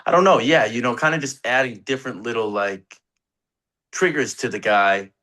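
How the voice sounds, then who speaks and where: A man's voice: medium pitch, moderate pace, bright, forceful tone. A young man, an actor, chatting casually in an interview, rambling and laughing as he tells set stories. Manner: laid-back, rambling, laughs often, swears casually. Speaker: actor guest.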